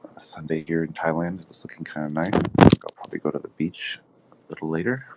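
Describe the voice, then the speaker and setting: A man's voice: extremely low pitch, fairly quick, heavy background noise. A man hosting a live audio chat room, talking loosely with lots of fillers. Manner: relaxed, rambling, filler-heavy talk. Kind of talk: casual chat. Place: Thailand.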